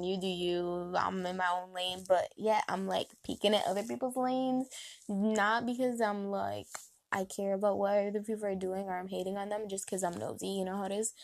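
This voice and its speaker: A young woman vlogging in a casual, rambling chat, talking fast with lots of fillers. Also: medium pitch. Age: young adult. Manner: fast, filler-heavy, chatty and nosy.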